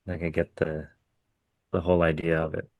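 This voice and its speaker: A man's voice: rumbling low, little pitch movement, moderate pace, no echo, muffled recording. A man co-hosting a podcast, telling stories about his contracting work in a laid-back, profane way. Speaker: podcast co-host, hardscape contractor. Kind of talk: casual chat.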